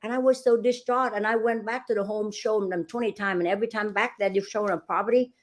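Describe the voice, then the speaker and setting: A woman's voice: medium pitch, fast talker. A middle-aged woman, a real estate agent, animatedly telling a story in an interview and acting out the dialogue. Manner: animated, acts out dialogue, laughs while telling.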